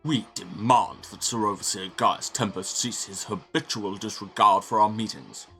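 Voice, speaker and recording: Guy reading out a defiant mayor's demands, bright tone, proclaiming. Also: on the low side, steady tone, normal speed, soft background music, pitched below the performer's own voice. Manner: declamatory.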